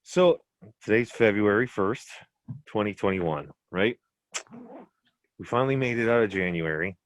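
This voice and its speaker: A man's voice: fairly low pitch, animated, measured pace, no room sound. A man hosting a casual podcast, rambling through a story with lots of restarts and the odd swear word. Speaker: podcast host. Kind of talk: casual chat.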